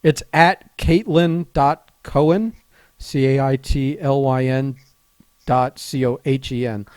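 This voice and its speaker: A man's voice: medium pitch, slow, darkish tone, no room sound. A man co-hosting a podcast in casual chat, often breaking into laughter as he talks. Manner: laughs often while talking. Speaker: podcast co-host.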